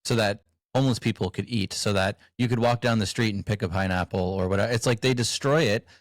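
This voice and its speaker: A man hosting an interview, agreeable and a little halting as he builds on his guest's points. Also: on the low side, no echo. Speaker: interview host. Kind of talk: casual interview chat.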